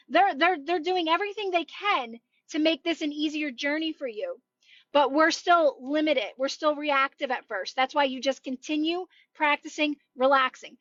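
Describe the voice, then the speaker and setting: Earnest high-voiced woman coach. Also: a little slow, a bit bright, dry recording, dull audio. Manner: earnest, encouraging, repeats herself. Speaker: manifestation coach. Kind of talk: livestream chat.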